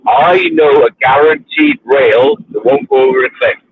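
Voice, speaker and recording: A man's voice: mid-range voice, moderate pace, a little hiss or hum. A man, ranting in casual chat while driving his car, swearing freely. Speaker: livestream host. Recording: tinny phone line.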